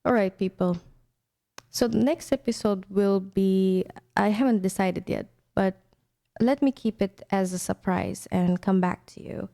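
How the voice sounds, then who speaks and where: A woman's voice: medium pitch, a little slow, vocal fry, warm tone. A young woman from India, hosting an internet radio show in casual, chatty storytelling talk with many restarts.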